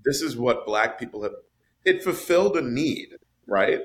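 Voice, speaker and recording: A man in casual podcast chat about a film, animated and swinging his voice up high for emphasis. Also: normal speed, a little hiss or hum. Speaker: podcast panelist discussing a film.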